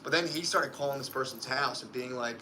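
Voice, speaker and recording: A man's voice: mid-range voice, fairly quick, pushed and bright. A man in casual chat, telling profane stories with frequent laughter. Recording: noisy background hiss.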